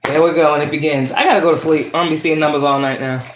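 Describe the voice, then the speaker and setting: A woman's voice: low-pitched, steady tone, rapid-fire, slight background noise. A woman tarot reader chatting casually to her viewers, outspoken and profane. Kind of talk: casual tarot reading chat. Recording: roomy echo.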